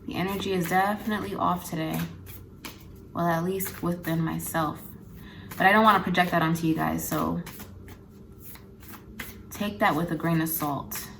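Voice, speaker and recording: A woman doing a spiritual card reading, speaking haltingly and close to tears, often pausing and restarting as emotion overwhelms her. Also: on the low side, fairly even intonation, vocal fry, background noise. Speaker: intuitive card reader.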